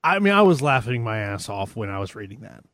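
A man's voice: lowish voice, sing-song, fairly quick, a bit bright, dry recording. A man co-hosting a podcast, chatting casually and laughing as he reads out a press release. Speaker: podcast co-host.

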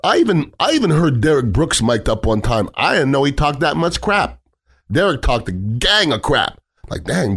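A middle-aged man giving a blunt, heated sports talk rant on football, swearing freely and repeating himself as he drives his points home. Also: medium pitch.

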